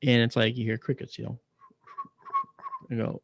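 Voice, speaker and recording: A man telling a personal story as an interview guest, animated and acting out the voices of the people he quotes. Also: medium pitch, normal speed, creaky, no room sound. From United States.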